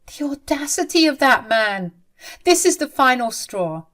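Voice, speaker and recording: A woman's voice: sits high, big pitch swings, unhurried, a bit bright, pitched above the performer's own voice, heavily acted. A woman voicing a caring young bride who speaks in an urgent, emphatic way. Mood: concerned, indignant.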